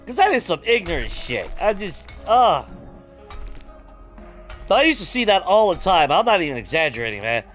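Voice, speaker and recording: A man's voice: high voice, moderate pace, long pauses, soft background music. A man, talking casually while he plays, ranting with heavy swearing. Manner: profane, animated ranting with laughs. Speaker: gaming streamer. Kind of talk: casual ranting chat over gameplay.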